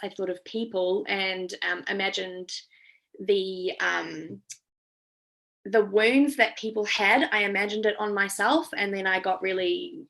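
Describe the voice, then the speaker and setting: A young female veterinarian from New Zealand, whose accent carries some Australian tinge, gives a talk over a video call, chatting casually with lots of ums. Her medium-pitched voice is creaky, bright, and forceful.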